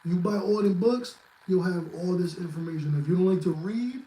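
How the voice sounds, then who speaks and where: High-voiced blunt, profane man. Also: a little fast, dark tone, echoey room, low-quality recording. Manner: blunt, profane, emphatic advice-giving. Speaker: guest. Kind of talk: casual livestream chat.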